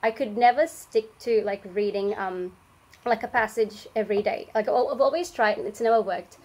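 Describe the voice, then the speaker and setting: A young Australian woman co-hosting a faith podcast, reflecting in an easygoing way with frequent pauses. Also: mid-range voice, a little mellow, rough recording. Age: young adult. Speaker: podcast co-host. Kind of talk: casual faith chat.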